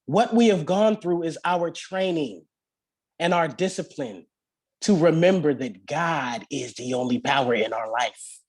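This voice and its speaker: A man giving a guest sermon at a church service, telling stories with lively acted-out quotes and dropping into soft, slow reflection. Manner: animated storytelling with acted-out quotes; slows to soft, low-voiced reflection. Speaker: guest speaker.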